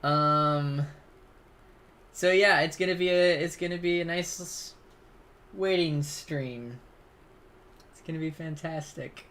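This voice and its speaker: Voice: mid-range voice, steady tone, slow pace, pauses often, a bit bright. A live streamer hosting a casual gaming stream, rambling in a chatty way with laughs along the way.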